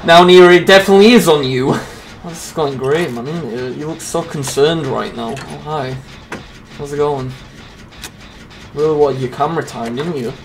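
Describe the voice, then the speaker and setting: Excitable swearing gaming commentator. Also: male voice, a little high, normal speed, crowd noise. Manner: excitable, swears a lot, jokey. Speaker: gaming YouTuber. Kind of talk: casual gameplay commentary.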